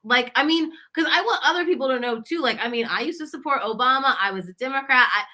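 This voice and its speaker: A woman guest in a casual political chat, talking earnestly and reflectively with halting restarts. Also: sits high, bright, forceful tone. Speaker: podcast guest.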